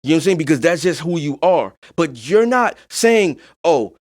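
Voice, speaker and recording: A man's voice: a little high, expressive, fairly quick. A man hosting a podcast in a casual monologue. He talks bluntly and emphatically, swears freely, and keeps checking in with "you know what I'm saying.". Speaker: podcast host.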